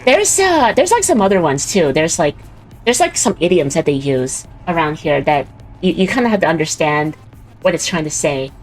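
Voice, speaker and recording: A woman's voice: low-pitched, big pitch swings, normal speed, faint music behind, low-quality recording. A young woman VTuber chatting while she plays a game. She rambles, giggles and mimics voices. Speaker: VTuber streamer. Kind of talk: casual chat while gaming.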